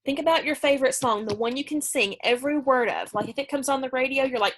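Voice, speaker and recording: Woman, English teacher, fairly high voice, casual explaining, recorded lesson. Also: quick pace. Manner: chatty and conversational, explaining with fillers. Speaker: middle school English teacher.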